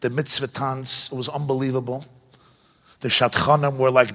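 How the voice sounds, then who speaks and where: Animated male preacher in a reverberant hall. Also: mid-range voice, moderate pace. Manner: animated, rhetorical questions, chuckles. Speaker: Torah teacher. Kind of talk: sermon-style Torah class.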